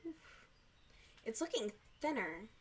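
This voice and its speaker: Casting note: youthful-sounding woman, slightly high voice, giggly casual streamer chatter. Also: big pitch swings, slow, breathy edge. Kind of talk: casual chat while crocheting.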